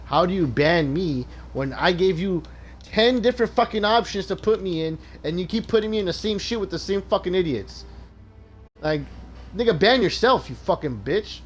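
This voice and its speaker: A man streaming a game live, ranting loudly and with exasperation about the matchmaking, swearing constantly. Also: high voice, expressive, moderate pace, a little hiss or hum. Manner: profane ranting, loud and exasperated. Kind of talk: live gaming stream rant.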